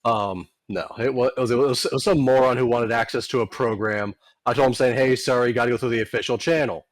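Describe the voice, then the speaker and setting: A man in a tabletop session with a mid-range voice tells animated, profane stories. His voice sounds dry and close, as if there is no room around him. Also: medium pitch, fast talker, no echo. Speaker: player. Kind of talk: casual chat at a tabletop game.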